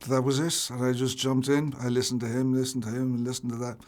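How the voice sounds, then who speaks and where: A man from Ireland, an actor being interviewed, telling stories in an animated way, restarting and repeating his words. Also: mid-range voice, fast talker. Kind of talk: casual interview chat.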